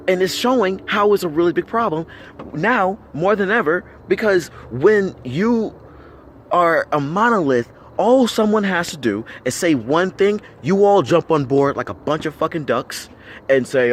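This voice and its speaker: Man ranting with lively, swinging pitch. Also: a little hiss or hum. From United States. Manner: blunt, swears constantly, argumentative; rhetorical questions, repeats himself for emphasis. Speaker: vlogger. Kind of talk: heated profane rant to camera.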